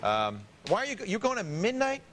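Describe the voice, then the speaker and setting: A joking man hosts a live TV tech show in a studio, his pitch leaping up and down as he plays to the room. His voice sits a little high for a man, and there is clear noise behind him. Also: moderate pace. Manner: joking, playful, animated. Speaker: TV show host. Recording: noisy TV studio.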